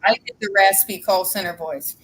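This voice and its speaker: A woman's voice: mid-range voice, fairly even intonation, moderate pace, fairly bright tone, poor audio. A woman co-hosting a casual livestream, blunt and sarcastic, swearing casually.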